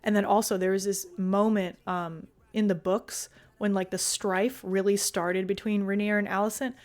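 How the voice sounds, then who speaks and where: A woman's voice: mid-range voice, steady tone, moderate pace. A young woman streaming and chatting casually with her viewers, loose and talkative, full of fillers and casual swearing. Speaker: streamer reading chat.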